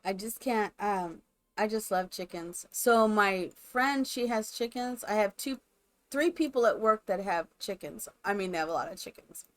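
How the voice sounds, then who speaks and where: A woman's voice: medium pitch, animated, normal speed, a bit bright. A woman live streamer chatting casually and rambling to her viewers while she builds in a game. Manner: chatty, rambling, talks to chat.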